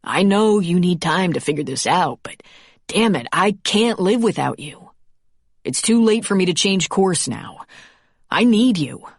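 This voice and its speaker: A woman narrator plays a protective man carrying someone down a mountain, tender yet determined. Her voice is low and the recording is close and dry. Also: expressive, measured pace, husky, no echo, heavily acted. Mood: tender urgent.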